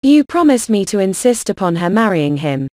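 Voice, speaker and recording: A woman's voice: mid-range voice, sing-song, moderate pace, a little mellow, dry recording, clean studio sound, natural voice. A woman voicing a fretful, self-pitying middle-aged mother in an audiobook, whining and dramatic. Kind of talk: audiobook character reading.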